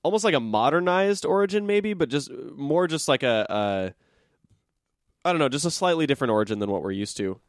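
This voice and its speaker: A man's voice: on the high side, expressive, fairly quick, no room sound, studio quality. A man hosting a podcast, chatting casually about comic news in a loose, jokey way with lots of fillers. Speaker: podcast host.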